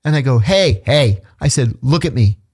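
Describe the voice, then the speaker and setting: A middle-aged man in a relaxed interview, swapping into big, lively voices for the people in his stories. His tone swings from hushed to loud, and his pitch sits in an ordinary middle range. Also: normal speed, slightly rough. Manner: animated storyteller who acts out the quoted voices. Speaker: interview guest, former intelligence officer. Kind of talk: casual storytelling in a podcast interview.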